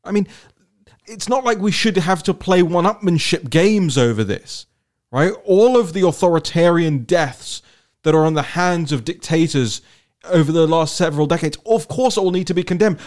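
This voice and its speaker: A man hosting a political talk show, talking in an animated, rambling way and often repeating words as he thinks aloud. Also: a little high. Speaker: podcast host.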